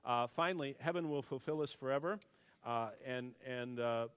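Guy preaching a sermon, goes quiet then gets loud, big hall echo, medium voice. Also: mid-range voice, moderate pace, clear, resonant tone. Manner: storytelling, swings between hushed and loud emphasis. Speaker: pastor. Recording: long hall reverb.

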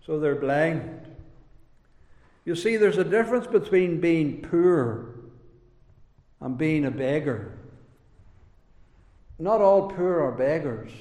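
A man's voice: on the high side, darkish tone. A man preaching a sermon in an earnest, repetitive cadence. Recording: echoey hall with long reverb.

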